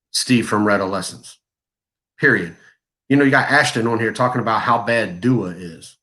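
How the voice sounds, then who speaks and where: Co-hosting a live fragrance review show, this man delivers a heated rant full of blunt, crude mockery. His voice sits fairly low in pitch and has a fairly bright tone.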